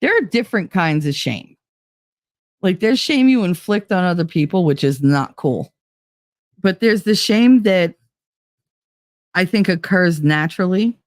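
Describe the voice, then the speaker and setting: A woman livestream host with a New Jersey accent chats casually and profanely with her live chat, tired from lack of sleep and rambling off topic. Her lowish voice is animated but a little slow, with long pauses. The audio is studio quality with no room sound.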